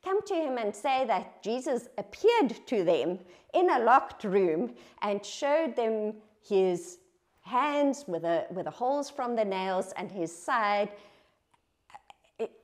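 A woman's voice: on the high side, animated, slow pace, a little mellow. A woman preaching a sermon in an earnest, conversational, reflective way, asking rhetorical questions.

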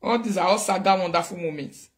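A man's voice: high-pitched, fast talker. A Nigerian man hosting a show, talking animatedly in a casual mix of Pidgin and Yoruba, laughing often. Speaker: show host. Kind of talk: casual live-show commentary.

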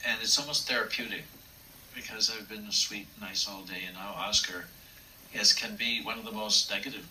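An older man, a puppeteer, telling stories from his career in an interview, acting out the voices he quotes. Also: fairly low pitch. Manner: warm, anecdotal, acts out quotes. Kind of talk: reminiscing interview storytelling. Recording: distant mic with faint room noise.

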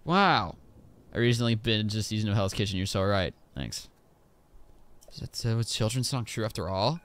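A man streaming a video game, giving excitable, joking commentary as he plays. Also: lowish voice, moderate pace, slight background noise. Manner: excitable, exclaims and jokes to himself. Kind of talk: live gameplay commentary.

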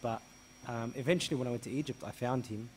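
Animated priest telling a story. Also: male voice, fast talker, slight background noise. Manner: animated, re-enacts dialogue with rising pitch and volume. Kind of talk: storytelling interview answer.

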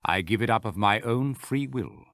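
Low-voiced guy reading jesus, calm teacher, measured, dry close mic. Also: vocal fry, dry recording. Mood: steady. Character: Jesus, a calm adult male teacher speaking with authority. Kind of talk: scripture reading.

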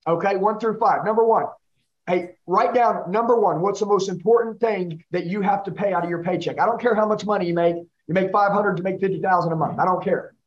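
Male sales trainer, high-pitched, intense drill-style coaching, muffled recording. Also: fairly quick. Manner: intense, coaching, repeats the listener's name. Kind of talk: live sales training role-play.

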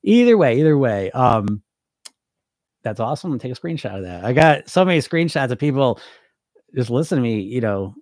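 A man's voice: medium pitch, animated, moderate pace, long pauses, no room sound, studio quality. A man who works as a weight loss hypnosis coach, chatting casually on a livestream, reading viewer comments and swearing now and then.

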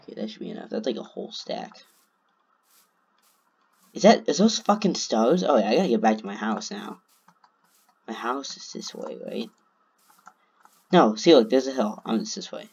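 A man's voice: on the low side, a little fast, gravelly, pauses often, darkish tone, breathy edge, highs cut off. A man narrating his own gameplay, talking to himself and swearing constantly. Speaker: gamer. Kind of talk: let's play commentary.

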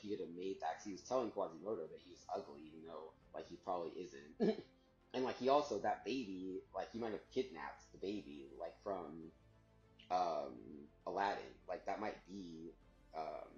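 A man's voice: low-pitched, darkish tone. A man rambling in a casual monologue, full of filler words and frequent giggles. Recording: roomy, dull sound with faint music.

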